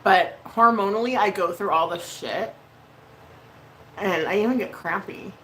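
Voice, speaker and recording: A woman's voice: mid-range voice, a little slow, pushed and bright, slight background noise, low-quality recording. A woman hosting a casual livestream while doing her makeup, emotional and venting, swearing freely and laughing often. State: emotional, near tears. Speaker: livestream host.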